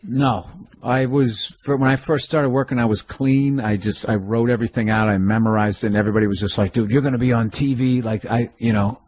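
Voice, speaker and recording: A middle-aged man, a comedian guest, talking in animated, swearing, rambling rants. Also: medium pitch, fairly quick. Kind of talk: casual interview chat.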